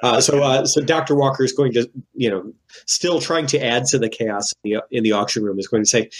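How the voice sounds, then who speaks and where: A man playing a tabletop game, narrating his character's actions in a lively way. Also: mid-range voice, fairly quick. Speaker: player. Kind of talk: casual tabletop play.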